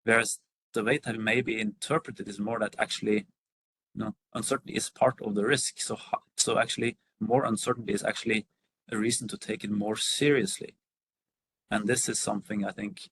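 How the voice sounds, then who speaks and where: A man's voice: fairly low pitch, a bit bright, slight background noise, low-quality recording. A man on a video call answering a workshop question, hesitant with many fillers and restarts. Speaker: workshop panelist.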